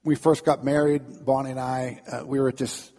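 A man's voice: medium pitch, flat delivery, moderate pace, mellow, big-room sound. A man preaching a sermon in a storytelling manner, often repeating words and acting out crowd voices. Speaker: pastor.

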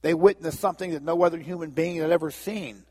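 A man preaching a sermon as pastor, telling a story and acting out the characters' lines in lively voices. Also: on the high side, quick pace, slightly rough, big-room sound. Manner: storytelling, acts out biblical dialogue with lively voices.

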